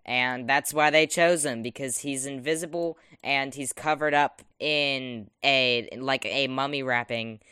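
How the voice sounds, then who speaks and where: A woman's voice: a bass voice, steady tone, measured pace, hardly any pauses, pushed and bright, clean tone, dry recording, studio quality. A woman co-hosting a podcast, casually and playfully discussing classic films. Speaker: podcast co-host.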